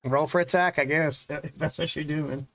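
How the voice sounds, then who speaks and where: A game master narrating an online tabletop session through a voice chat mic. The delivery is loose and quick-witted, mixing monster descriptions with offhand jokes. The voice sits at a middling pitch. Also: fairly even intonation, fairly bright tone, no echo.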